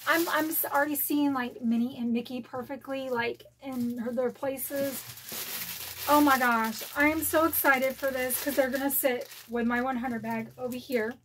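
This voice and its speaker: Excitable high-voiced lady unboxing a bag at home, gasps a lot, bit of faint hiss. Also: normal speed. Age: middle-aged. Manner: gushing, gasping, repeats "oh my" exclamations. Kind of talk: excited unboxing vlog chat. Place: home, dogs barking nearby.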